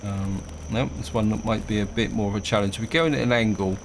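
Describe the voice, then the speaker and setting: A man's voice: fairly low pitch, quick pace, noisy background. A man casually commenting on his own gameplay, thinking aloud as he plays. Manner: relaxed, thinking aloud while playing. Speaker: gaming video host.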